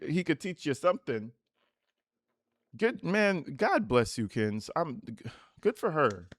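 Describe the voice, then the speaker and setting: Male commentary host, higher-pitched voice, sarcastic and foul-mouthed, dry close sound. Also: no echo. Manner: sarcastic, profane, mock-tearful asides. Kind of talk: reaction commentary.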